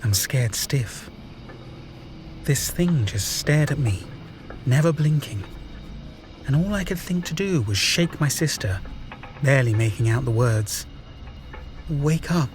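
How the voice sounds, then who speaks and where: A man reading a first-person horror story aloud, slow and suspenseful with dramatic pauses. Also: medium pitch. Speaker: story narrator. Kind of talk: scripted horror story narration.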